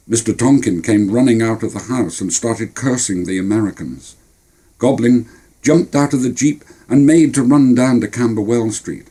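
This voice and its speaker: Older Cornish man, wry storyteller, dark husky voice. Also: medium pitch. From Cornwall. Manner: wry, plainspoken. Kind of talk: storytelling memoir narration.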